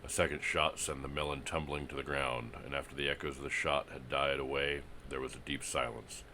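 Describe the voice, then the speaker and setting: A man narrating a pulp western story in a steady, dramatic reading. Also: extremely low pitch, fairly quick, slight background noise.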